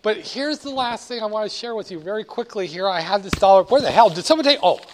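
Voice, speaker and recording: A man lecturing on finance with a high, light voice. He jokes and digresses, then leans hard on his main principles. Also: expressive, quick pace, slight background noise. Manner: joking, digressive, emphatic. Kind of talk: classroom lecture.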